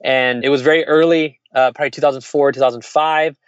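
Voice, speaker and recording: A man's voice: mid-range voice, fairly even intonation, fast, clean tone, no echo, highs cut off. A man who is an entrepreneur tells candid stories in casual conversation, with restarts and quoted dialogue. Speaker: entrepreneur guest.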